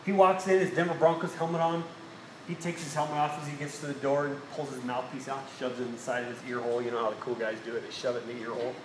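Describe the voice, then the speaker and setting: A man's voice: medium pitch, flat delivery, quick pace, background noise. A man, a pastor, giving a sermon, telling stories and asking the congregation questions. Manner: storytelling, rhetorical questions to the congregation. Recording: echoey hall with faint ambience.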